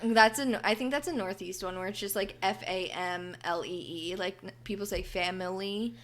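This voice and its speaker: A woman's voice: medium pitch, normal speed, a bit bright. A woman with a Philadelphia accent co-hosting a podcast, chatting in teasing, giggly banter. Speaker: podcast co-host. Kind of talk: casual chat.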